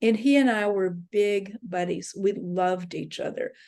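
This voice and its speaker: A woman's voice: mid-range voice, unhurried, gravelly, a little mellow. A woman leading a dream workshop, telling personal dream stories in an earnest, reflective way. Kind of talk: spoken workshop talk. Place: interfaith center meeting room.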